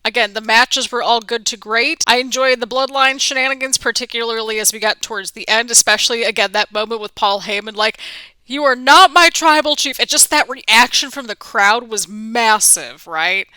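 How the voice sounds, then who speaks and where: A woman giving casual, excitable reaction commentary as a vlogger, gasping and crying out at big moments. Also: on the high side, normal speed, hardly any pauses, smooth, dry recording, poor audio.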